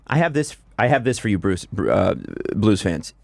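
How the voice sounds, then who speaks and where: Brief: male co-host, wry humor, lively inflection, dry close sound. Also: fairly low pitch, normal speed, creaky, no echo. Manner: dry, wry jokes, laughs a lot. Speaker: podcast co-host. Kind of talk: casual sports debate.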